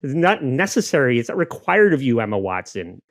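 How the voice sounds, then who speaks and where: A man's voice: medium pitch, very animated, brisk, dry recording, clean studio sound. Sarcastic male podcast co-host. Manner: sarcastic, wry. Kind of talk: casual podcast chat.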